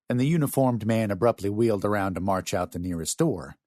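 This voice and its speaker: A man narrating a novel in an expressive storytelling manner, close to a studio mic. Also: lowish voice, normal speed, no room sound. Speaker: audiobook narrator. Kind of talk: scripted narration.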